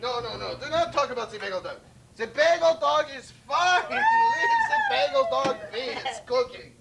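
A man's voice: extremely high pitch, lively intonation, normal speed, creaky, pushed and bright, exaggerated voice. A man doing a pompous French chef. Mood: bossy. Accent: French put-on. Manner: hammy, bossy, laughing through lines. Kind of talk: home-video cooking show parody. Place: home kitchen. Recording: noisy home video.

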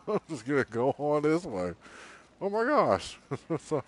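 A man with a slightly high voice streams a console game at a slow pace. His casual commentary is excitable, and he often giggles and talks to the creatures on screen.

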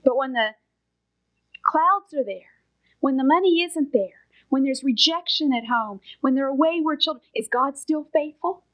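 A middle-aged woman preaching a sermon as a Bible teacher, earnest and emphatic, sometimes dropping to a soft whisper for stress. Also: sits high, expressive, unhurried, muffled recording.

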